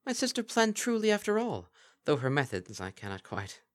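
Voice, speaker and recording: A stately winged princess speaks in formal, archaic phrases, put on by a man reading aloud. Her voice sits higher than the reader's own and stays measured and regal. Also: huge pitch swings. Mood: regal calm. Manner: archaic formal speech, dignified.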